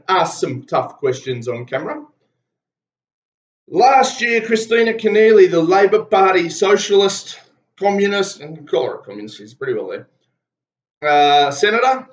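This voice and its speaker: A man with an Australian accent delivering heated, blunt and profane political commentary. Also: a little high. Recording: roomy, dull lo-fi sound.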